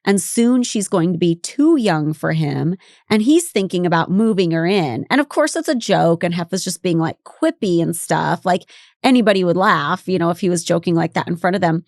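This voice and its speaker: A woman's voice: fairly low pitch, lively intonation, normal speed, darkish tone, dry recording, clean studio sound. A woman in her forties co-hosting a podcast, talking in a candid, wry way and sometimes mimicking others. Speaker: podcast co-host. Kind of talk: casual podcast rewatch chat.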